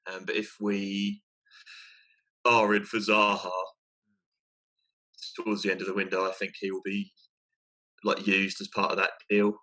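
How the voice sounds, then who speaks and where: A man's voice: fairly low pitch, completely flat delivery, a little slow, pauses often, bright, forceful tone. A young man co-hosting a casual football chat, hesitant, repeating his words and laughing at himself. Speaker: podcast co-host.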